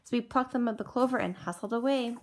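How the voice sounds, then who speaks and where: A woman teacher reading a rhyming picture book aloud in a rhythmic, expressive way. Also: a little high, quick pace. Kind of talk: storybook read-aloud.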